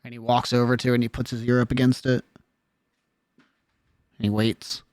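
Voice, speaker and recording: A man's voice: mid-range voice, moderate pace, no echo. Man narrating as game master. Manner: relaxed, filler-heavy narration.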